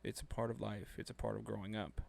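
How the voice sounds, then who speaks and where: A man co-hosting a casual chat show, telling a work story in an animated, profane way. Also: fairly low pitch, fast talker, gravelly. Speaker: podcast co-host.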